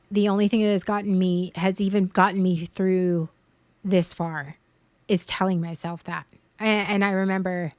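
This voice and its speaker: Her voice is lowish and the recording is dry. On a stream, this woman in her thirties opens up as a parent about her fear in an emotional, casual chat, earnest and vulnerable and at times on the verge of tears.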